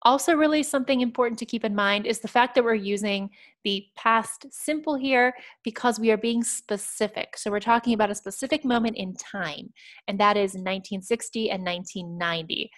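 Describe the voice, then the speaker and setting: A woman teaching an English exam writing lesson, explaining each point patiently and clearly. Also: mid-range voice, a little fast. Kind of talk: scripted lesson narration.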